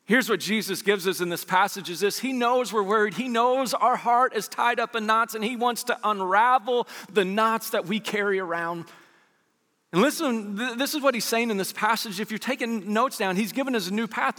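Bright high-voiced pastor preaching in a hall. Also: male voice. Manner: conversational preaching with rhetorical questions, swinging from loud to hushed. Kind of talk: sermon. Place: church sanctuary. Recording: long reverb of a large church hall.

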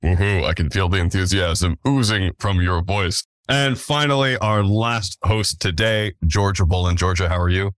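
A man's voice: low-pitched, normal speed, hardly any pauses, no echo, studio quality. A man hosting a casual podcast, talking in a playful, jokey, upbeat way. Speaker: podcast host.

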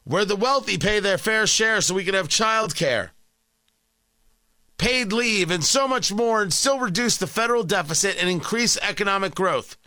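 A man's voice: high-pitched, normal speed, bright, forceful tone, dry recording, clean studio sound. A man delivering an indignant opinion monologue, sarcastic, sometimes mocking other voices. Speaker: political commentator.

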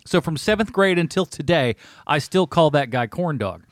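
Man, podcast co-host, casual chat, very animated pitch, fairly high voice, dry close sound. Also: moderate pace, no echo. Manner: lively storyteller, laughs often.

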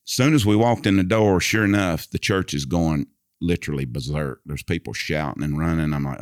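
A man with a very low, deep voice tells a story in a relaxed chat. He paints scenes for his listeners and recites long passages from memory. His voice sounds dry and close. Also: normal speed, no room sound. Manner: vivid storyteller who recites scripture from memory. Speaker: guest telling a personal story. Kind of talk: casual storytelling conversation.

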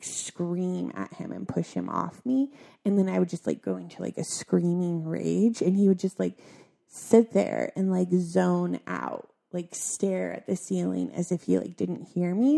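A young adult woman talking in a halting, soft-spoken way, her sentences full of filler words, in a confessional conversation. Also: fairly low pitch, vocal fry.

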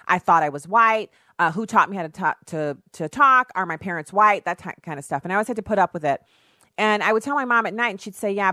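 A middle-aged woman hosting a radio talk show, speaking standard American English in a chatty, animated and outspoken monologue with quick restarts. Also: lowish voice, no echo, studio quality. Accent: none, standard American speech. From raised in Germany on US Army bases. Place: radio studio. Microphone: studio microphone.

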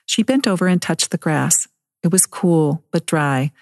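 A woman author reading aloud from her novel in a gentle, calm storytelling manner. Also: sits low, a little slow, no echo, studio quality. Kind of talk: read-aloud narration.

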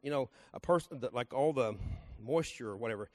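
A middle-aged man, a pastor telling a folksy story in his sermon and driving it to loud, emphatic peaks. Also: mid-range voice, a little fast.

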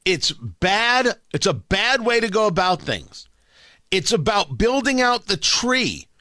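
A man's voice: high-pitched, sing-song, takes it slowly, bright, forceful tone, no room sound. A man hosting a talk radio show, delivering a brash, sarcastic opinion monologue full of rhetorical questions into a studio microphone.

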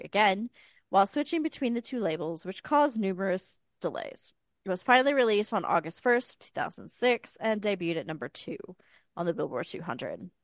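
Wry woman with a smooth radio voice. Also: mid-range voice, dry recording. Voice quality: smooth public-radio style voice. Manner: wry, deadpan asides. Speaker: podcast co-host. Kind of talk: casual chat retelling a biography.

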